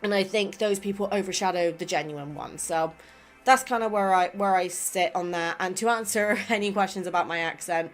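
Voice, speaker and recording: A woman's voice: lowish voice, moderate pace, faint music behind. A woman from England with a West Country accent touched by American, chatting casually and rambling as she reads out viewer comments on her gaming channel. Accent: English West Country with some American. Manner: chatty, rambling, self-doubting. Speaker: gaming YouTuber.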